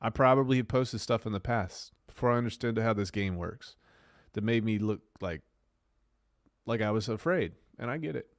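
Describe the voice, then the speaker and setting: Blunt male streamer, gravelly fry, slangy, repeats himself for punch. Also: lowish voice, normal speed, no echo, studio quality. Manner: blunt, brash, street slang; repeats phrases for emphasis. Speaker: crypto livestream host. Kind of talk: casual livestream talk.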